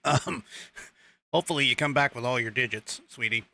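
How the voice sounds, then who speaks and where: A man's voice: mid-range voice, fairly quick, vocal fry, sharp tone. A man hosting his political livestream show, chatting casually with his viewers in a rambling way, with lots of fillers and chuckles.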